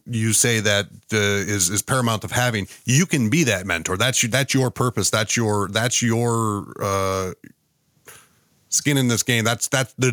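Halting podcast host, low dry voice. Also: male voice, fairly bright tone, no echo. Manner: hesitant, wordy, many filler sounds. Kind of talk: podcast interview.

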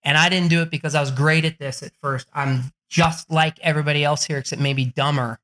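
Here's a middle-aged book coach and author on a podcast interview, rattling along at speed with plenty of excitement. He swears, cracks jokes and keeps pitching in a salesy, energetic way.

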